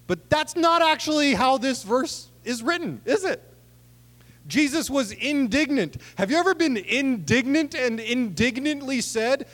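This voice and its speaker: A man's voice: very high voice, animated, moderate pace, a bit bright. A man preaching a sermon in a conversational way, acting out quotes with humor. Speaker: pastor. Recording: long hall reverb.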